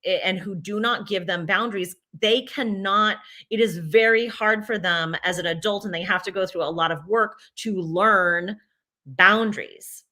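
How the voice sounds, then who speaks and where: A woman's voice: medium pitch, normal speed, sharp tone. A woman giving a casual talk to an audience, rambling with restarts, then turning firm and emphatic. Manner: rambling, many restarts and fillers. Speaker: speaker addressing an audience.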